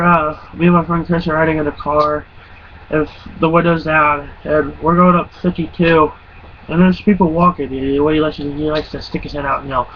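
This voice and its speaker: Profane rambling young guy on a muffled recording. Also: fairly high pitch. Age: around 20. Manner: rambling, profane, laughs through his stories. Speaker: vlogger. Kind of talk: casual storytelling. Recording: muffled lo-fi recording with faint hum.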